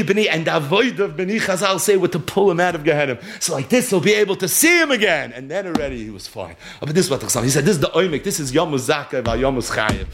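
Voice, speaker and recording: Animated, high-voiced man teaching Torah. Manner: animated storytelling, reads verses then translates; acts out quotes with sudden high exclamations. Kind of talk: Torah lesson.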